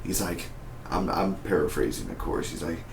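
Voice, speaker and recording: A young man chatting through a casual spoken TV review in a rambling, excitable way. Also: deep voice, normal speed, gravelly, noisy background. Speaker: TV show reviewer. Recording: echoey room.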